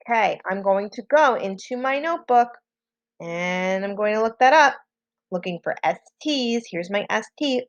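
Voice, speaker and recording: A woman teacher talks children through a spelling lesson at a very slow, careful pace. Her voice sits a little high and she sounds out each letter patiently. The audio is dull and lo-fi. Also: lively intonation, dry recording. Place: home, online lesson.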